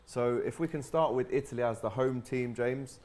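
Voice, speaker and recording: A man's voice: mid-range voice, moderate pace, darkish tone. A man hosting a casual football watch-along show, introducing guests and cracking jokes. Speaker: host. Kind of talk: casual chat.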